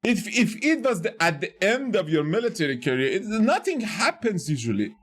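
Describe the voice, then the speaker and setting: A man reacting to a video in casual chat, loud, swearing and laughing often. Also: high-pitched, very animated, normal speed, breathy edge. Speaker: reaction streamer.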